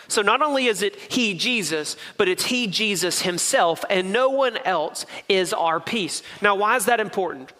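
High, bright-voiced man preaching in a hall. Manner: preaching with emphatic repetition. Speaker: pastor. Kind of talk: sermon. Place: church sanctuary. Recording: reverberant hall.

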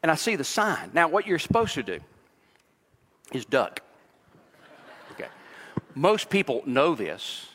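Bright-voiced man preaching in a hall. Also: on the high side, huge pitch swings, measured pace, pauses often. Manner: expository preaching with personal stories, voice rising when emphatic. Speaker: pastor. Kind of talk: sermon.

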